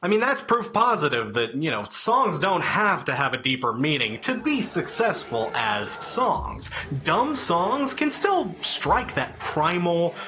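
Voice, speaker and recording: A man's voice: on the high side, very animated, measured pace, bright, forceful tone. A man giving an opinionated, sarcastic review of a song, exasperated and crude in his wording. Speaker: music reviewer.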